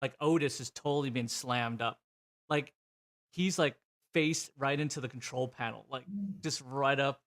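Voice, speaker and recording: A man's voice: mid-range voice, moderate pace, fairly bright tone. A man narrating a tabletop role-playing game as game master, describing scenes vividly with frequent fillers.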